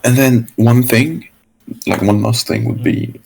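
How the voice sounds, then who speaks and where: A man asking a coach for advice in casual chat, halting and full of fillers. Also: mid-range voice, fairly even intonation, vocal fry, darkish tone, husky, rough recording. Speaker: player being coached.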